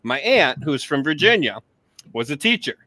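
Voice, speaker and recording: A man with a fairly high voice that swings widely in pitch, chatting on a podcast. He rants in blunt, crude jokes. The sound is dry and close. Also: big pitch swings, normal speed, bright, forceful tone, no echo. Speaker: co-host. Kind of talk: casual podcast chat.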